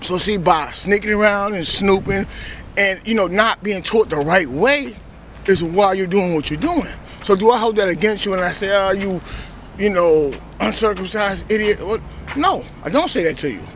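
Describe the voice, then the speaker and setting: A man's voice: high-pitched, expressive, moderate pace, a little hiss or hum. A man giving a confrontational, preachy monologue to his viewers, full of "you know" and "see". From New York. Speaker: self-styled preacher. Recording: dull lo-fi recording.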